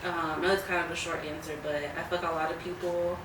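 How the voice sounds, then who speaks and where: A woman's voice: fairly low pitch, little pitch movement, fast, roomy sound, far from the mic, background noise. A woman co-hosting a podcast in casual conversational chat, often saying "you know what I'm saying.". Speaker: podcast co-host.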